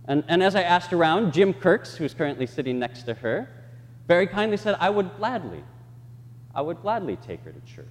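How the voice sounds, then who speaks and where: A man preaches a sermon in a church, acting out the people and voices he quotes. His voice sits a little high and swings widely in pitch. A long reverb from the sanctuary trails each phrase. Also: moderate pace. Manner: expressive, acts out quoted voices. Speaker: pastor.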